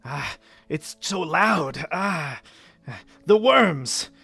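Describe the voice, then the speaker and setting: A man's voice: on the high side, expressive, very slow, vocal fry, slightly rough, full character voice. A man voicing a mad young male count who raves about worms and a beating heart. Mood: raving. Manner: raving, shouting, manic.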